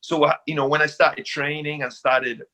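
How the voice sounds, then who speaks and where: A man's voice: fairly high pitch, level tone, moderate pace, pushed and bright. A man from the UK with a British accent, giving reflective answers in an interview and repeating words as he thinks. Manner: reflective, hesitant repetitions. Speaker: guest.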